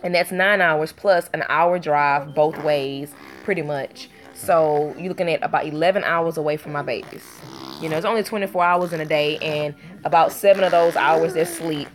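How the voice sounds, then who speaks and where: A young mother talks to her camera in a low voice. She rambles, circling back with fillers and restarts, earnest and emotional. It is a loose, casual vlog chat. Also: steady tone, moderate pace. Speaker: vlogger and mother.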